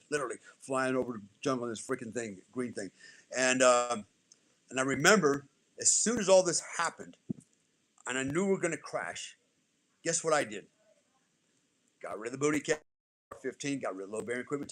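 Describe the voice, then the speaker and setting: A man's voice: medium pitch, fairly bright tone, low-quality recording. Blunt man telling war stories. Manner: blunt, profane, vivid war storytelling. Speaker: podcast guest, former special forces soldier. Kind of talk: casual storytelling.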